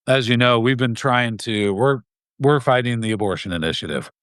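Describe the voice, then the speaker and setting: A man talking as an interview guest in an earnest, heated way, often breaking off and restarting his sentences. His voice sits at a middle pitch. The room is dry, with no echo. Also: moderate pace, a bit bright. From Idaho. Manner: earnest and heated, with frequent restarts and short laughs. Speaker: guest, gun rights group president. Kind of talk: casual interview talk.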